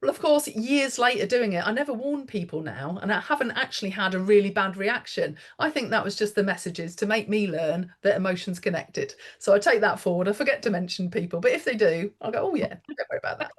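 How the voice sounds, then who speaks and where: A woman therapist speaking as a podcast guest, animated and chatty, acting out quoted voices as she tells stories. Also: medium pitch, brisk, hardly any pauses. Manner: animated storyteller, acts out quotes. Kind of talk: podcast interview.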